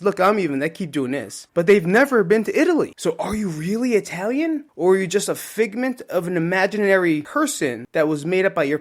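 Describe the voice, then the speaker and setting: A man in his thirties talks alone into the mic in a loose, wandering way, joking and swearing casually. His voice sits a little higher than most men's. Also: a bit bright. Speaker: podcast host. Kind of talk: casual solo podcast monologue.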